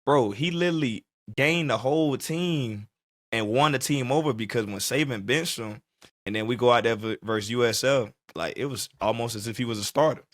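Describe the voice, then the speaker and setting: A man in his twenties, a podcast co-host telling a story in casual chat, animated and laughing often as he acts out what people said. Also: mid-range voice, brisk, dry recording, studio quality.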